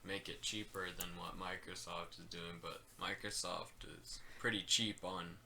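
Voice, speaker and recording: A man's voice: low voice, flat delivery, measured pace, a crowd in the background. A man co-hosting a casual gaming podcast, hedging and trailing off into "like" and "I don't know.". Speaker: podcast co-host.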